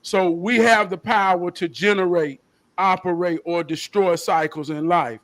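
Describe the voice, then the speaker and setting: A man's voice: sits high, fairly bright tone. A man who is a guest on a podcast, speaking earnestly in motivational slogans. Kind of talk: casual chat.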